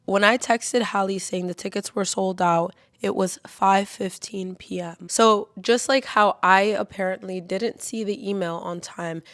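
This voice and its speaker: A woman's voice: medium pitch, steady tone, a little slow, few pauses, fairly bright tone, no room sound, clean studio sound. A woman with a sick voice recording a voice-over, pointedly laying out a timeline. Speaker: vlogger. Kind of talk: voice-over added in editing.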